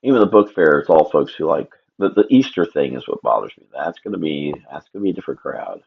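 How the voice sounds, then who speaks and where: While drawing on a live stream, a man rambles casually to himself and his viewers in an extremely low, gravelly voice with a breathy edge. He speaks quickly in a sing-song way, and the stream audio is dull and lo-fi.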